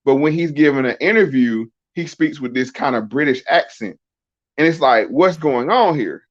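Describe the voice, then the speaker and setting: A man's voice: medium pitch, expressive, normal speed. A middle-aged man in a casual podcast conversation, explaining emphatically and often asking rhetorical questions. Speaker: podcast guest. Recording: dull lo-fi sound.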